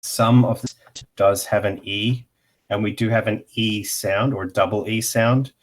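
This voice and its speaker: A man giving a casual online pronunciation lesson, explaining slowly with many pauses and fillers while sharing his screen. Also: on the low side, steady tone. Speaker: language teacher.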